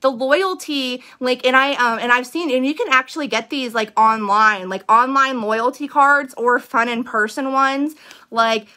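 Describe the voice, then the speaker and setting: Chatty, bright-voiced young woman. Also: high voice, a little slow. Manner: chatty, full of fillers like "um" and "like"; upbeat and eager. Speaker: direct seller giving business tips. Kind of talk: casual talk to camera.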